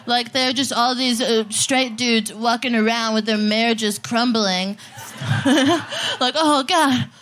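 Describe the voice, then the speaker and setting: A woman's voice: fairly high pitch, level tone, slow, a bit bright, a little hiss or hum. A woman performing a brash, rowdy live stand-up comedy set on a festival stage. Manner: brash, rowdy, punchy delivery.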